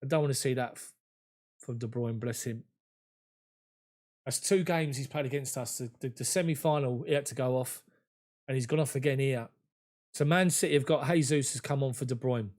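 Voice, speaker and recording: A man's voice: mid-range voice, normal speed, pauses often, darkish tone. A man giving live, emotional, conversational play-by-play of a football match from a fan's point of view, at home. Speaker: fan commentator.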